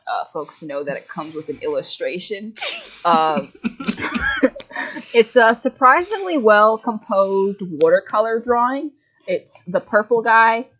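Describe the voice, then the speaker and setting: A woman hosting a casual group reading of a fanfic, narrating in a wry, deadpan way. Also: fairly low pitch, poor audio. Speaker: fanfic reader and host. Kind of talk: reading a fanfic aloud with riffing.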